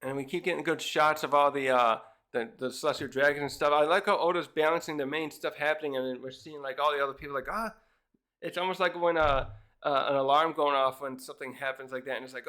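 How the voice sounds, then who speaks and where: A man's voice: on the high side, steady tone, quick pace, sharp tone. A man casually reviewing a comic chapter, rambling with many fillers and restarts. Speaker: manga reviewer.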